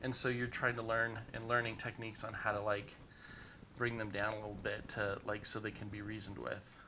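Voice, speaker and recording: A man's voice: lowish voice, little pitch movement, brisk, noisy background. A man running a tabletop game as game master, narrating in a rambling way full of "you know" fillers.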